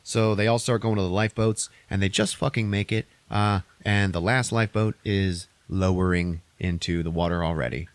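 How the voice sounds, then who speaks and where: A man talks through a movie plot on a podcast, casual and full of swearing. His voice sits low. The sound is dry and close, with no room around it. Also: normal speed, few pauses, no echo. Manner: profane, animated retelling with put-on quotes. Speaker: podcast host.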